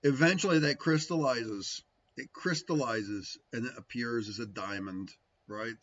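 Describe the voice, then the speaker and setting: Speaking a little slowly in a medium, slightly bright voice with the highs cut off, a spiritual teacher chats casually on a livestream. He rambles and muses about spiritual practice, tagging points with "right?"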